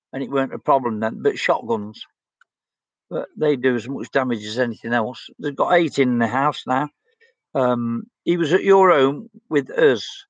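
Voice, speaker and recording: A man's voice: mid-range voice, dry recording, muffled recording. A blunt, outspoken man, chatting casually as he reads out viewer comments on his stream. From England. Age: 60s. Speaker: livestream host.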